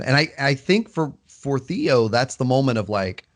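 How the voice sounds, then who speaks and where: A man co-hosting a podcast, talking casually and thoughtfully, often pausing and restarting his sentences. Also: mid-range voice, expressive. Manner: thoughtful, hesitant, many fillers and restarts. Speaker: podcast co-host. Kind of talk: casual book club discussion.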